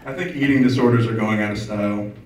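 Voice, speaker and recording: At an open mic in a comedy club, a male stand-up comedian rambles through a self-deprecating set with offhand delivery, his voice on the low side, fairly even, and fast. The stage mic was recorded from far off, so the club sounds echoey, with the crowd and audience laughter audible.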